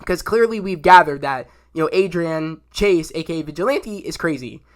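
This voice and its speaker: A young man giving a casual spoken review of a TV episode, rambling and excitable, full of fillers and restarts. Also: on the high side, normal speed. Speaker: YouTube show reviewer.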